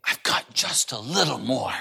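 A man's voice: mid-range voice, big pitch swings, moderate pace, gravelly, sharp tone, husky, big-room sound, exaggerated voice. A male pastor briefly voicing a coaxing male dentist in a sermon story.

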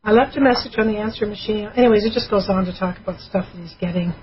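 A woman's voice: mid-range voice, fast talker, slight background noise. A woman co-hosting a call-in radio show, reading listener messages aloud in a chatty way. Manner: reads letters aloud, chatty with fillers. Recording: muffled radio broadcast with music.

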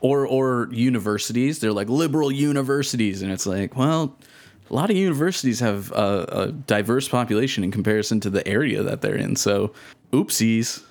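A man's voice: on the low side, fairly quick. A Canadian man co-hosting a casual podcast, joking and teasing his friends. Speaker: co-host.

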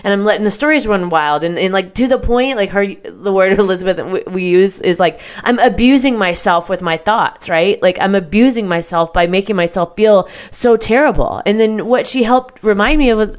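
A woman's voice: mid-range voice, normal speed, hardly any pauses. Woman, podcast host, personal storytelling, chatty and rambling, candid, casual swearing. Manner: chatty, heavy use of "like" and "right?".

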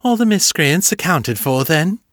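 A man's voice: a little high, lively intonation, unhurried, fairly bright tone, dry recording, studio quality, pitched above the performer's own voice. A man putting on a theatrical female vampire.

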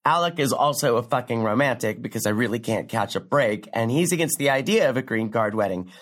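A sardonic young comedian rambles through a profane stand-up story, her pitch leaping high and then sinking low for a deadpan aside. She sounds brash and self-mocking, in a scripted drama. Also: a little fast. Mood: wry.

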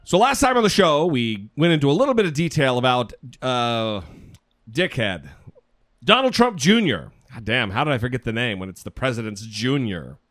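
A man's voice: mid-range voice, sing-song, moderate pace, a bit bright. A man co-hosting a casual political podcast, chatty and rambling, swearing casually. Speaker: podcast co-host. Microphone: studio mic.

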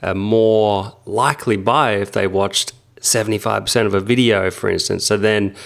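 Male podcast co-host, lower voice, upbeat and chatty. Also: fairly even intonation, normal speed, vocal fry. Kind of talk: casual podcast discussion.

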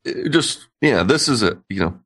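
A man's voice: on the low side, lively intonation, moderate pace, fairly bright tone, slightly rough. Laid-back hesitant co-host man. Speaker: podcast co-host. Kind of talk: casual chat.

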